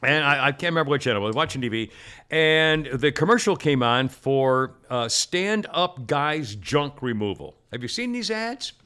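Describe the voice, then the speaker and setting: A man's voice: medium pitch, lively intonation, moderate pace, sharp tone, clear, resonant tone. A middle-aged man hosting a podcast, telling stories in a rambling, self-interrupting way and laughing often. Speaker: podcast host. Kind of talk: casual rambling chat.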